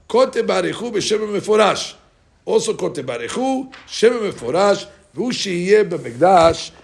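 A man teaching a lively religious text class, asking his students questions and reading passages out quickly. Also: fairly high pitch, gravelly, slightly rough. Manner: animated, questioning the class, reads Hebrew text fast. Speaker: rabbi teaching a Talmud class. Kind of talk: Talmudic lesson, mixing English and Hebrew.

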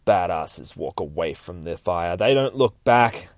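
A man's voice: sits low, lively intonation, unhurried, dry recording, clean studio sound, voice pushed down. A man voicing a smug, teasing male antihero mercenary from a comic, reading in a mocking sing-song way. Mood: cool.

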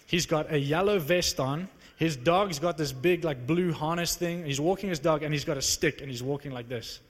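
A young man from South Africa preaching a sermon, telling a personal testimony with animated storytelling that rises into excited exclamations. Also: fairly high pitch, normal speed. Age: young adult. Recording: reverberant hall.

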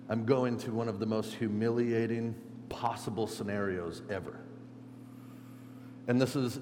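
A man preaching a sermon, animated, swinging between loud emphasis and quiet reflection. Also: mid-range voice. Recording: echoey hall with faint hum.

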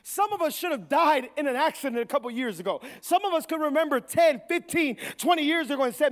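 A man pastor preaching a sermon, building to loud repeated refrains and acting out quick quoted voices. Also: very high-pitched, lively intonation. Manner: preaching with rising volume, repeated call-and-response phrases.

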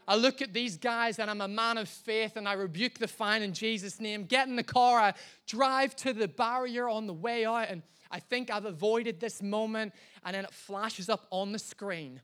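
A man's voice: high-pitched, moderate pace, sharp tone. A man who is a pastor preaching a live sermon at a church service, telling a story with self-mocking humor.

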